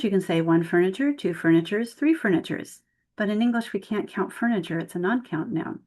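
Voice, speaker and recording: A woman leading an online workshop for tutors, explaining grammar with spoken example sentences over a video call mic. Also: on the low side. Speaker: tutor trainer.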